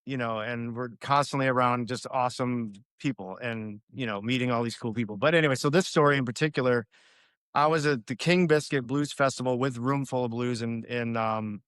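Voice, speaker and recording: A man's voice: mid-range voice, fairly quick, fairly bright tone, clean tone, no echo, studio quality. A man, a guest musician, telling a story casually with lots of fillers, laughing as he goes.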